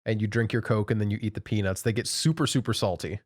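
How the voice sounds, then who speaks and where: A man's voice: lowish voice, quick pace, no room sound, clean studio sound. A man co-hosting a podcast in casual chat, telling easygoing anecdotes. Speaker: podcast co-host.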